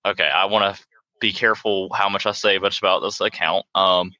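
Brief: man, podcast co-host, low bright voice, slightly dull lo-fi sound. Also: fairly even intonation, fairly quick, no echo. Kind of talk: casual chat.

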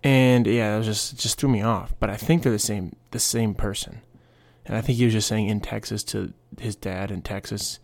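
A man's voice: on the low side, steady tone, moderate pace, gravelly, a little mellow, no echo. A young man hosting a casual solo podcast, rambling through stories with quoted voices and asides. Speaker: podcast host.

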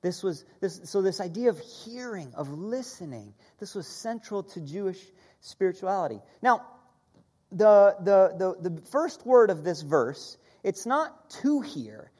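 A woman preaching a sermon, teaching in an animated way, stressing key words and leading her listeners in repeating after her. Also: medium pitch, a little slow, husky. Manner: animated teaching, leads the audience in call-and-repeat.

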